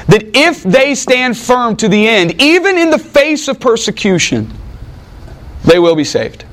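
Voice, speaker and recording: A man delivers a sermon with a bright, higher-pitched voice. He preaches in an animated, conversational style, tossing in wry asides to the room. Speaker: pastor.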